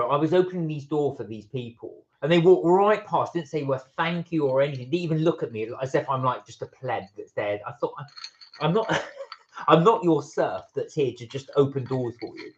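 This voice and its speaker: Chatty man on a live stream. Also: fairly high pitch. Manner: chatty, reads viewer comments aloud. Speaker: channel co-host. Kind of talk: live-stream chat reading comments. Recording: dull lo-fi stream audio.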